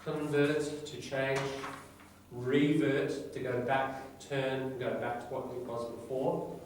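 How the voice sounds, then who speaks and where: A man's voice: medium pitch, level tone, slow, a little mellow. A man teaches English vocabulary to a class, explaining one word after another and checking in with tag questions. He is heard from across a very reverberant classroom, with faint room noise underneath. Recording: very echoey classroom from far off.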